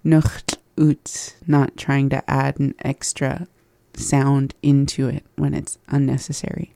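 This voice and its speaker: A learner with a gravelly, flat voice repeats new words slowly. They talk with a mellow, dry sound and laugh off their own mistakes. The delivery stays steady and unhurried. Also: mid-range voice. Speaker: language learner. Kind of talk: conversational language lesson.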